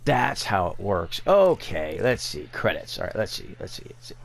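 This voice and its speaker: A man's voice: deep voice, big pitch swings, normal speed, vocal fry. Man, gameplay commentary, sarcastic, incredulous, exasperated rant. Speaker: gaming video creator.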